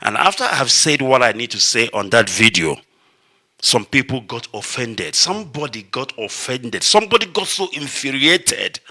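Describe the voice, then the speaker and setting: A radio broadcaster with a Nigerian Igbo accent delivers a passionate monologue, declaiming emphatically and repeating points to drive them home. His mid-range voice has big pitch swings and a sharp tone, and he moves at a moderate pace.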